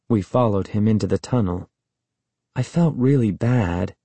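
A man's voice: fairly low pitch, fairly even intonation, normal speed, warm tone, no room sound. A man narrating a children's story in first person, as a sulky, bitter boy. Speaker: audiobook narrator.

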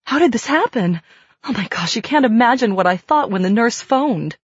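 A glamorous young wife fusses and gushes in a high, breathless voice, as a woman reads her. The sound is dull and dry. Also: animated, moderate pace, breathy edge, no echo. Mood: fussing. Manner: breathless, gushing, fussing. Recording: dull dry studio read.

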